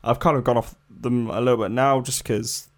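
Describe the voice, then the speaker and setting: A man's voice: medium pitch, fairly even intonation, fairly quick. Man, podcast co-host, rambling, filler-heavy, casual. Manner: rambling, many fillers and hedges. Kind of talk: casual chat.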